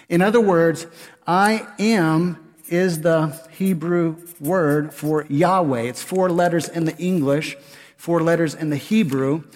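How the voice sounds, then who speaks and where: Animated male pastor in a reverberant hall. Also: high-pitched. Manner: animated preaching with rhetorical questions. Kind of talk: sermon.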